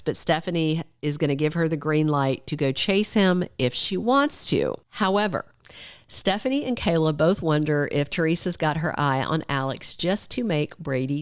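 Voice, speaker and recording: Low, smooth-voiced woman chatting soap news. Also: dry recording, studio quality. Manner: chatty, opinionated, direct to listeners. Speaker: podcast host. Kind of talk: soap opera news commentary.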